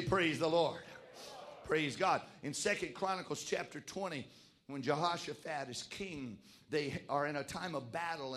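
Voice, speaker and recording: A man preaching a sermon, emphatic and exhorting, swinging between shouted lines and hushed asides. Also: a little high.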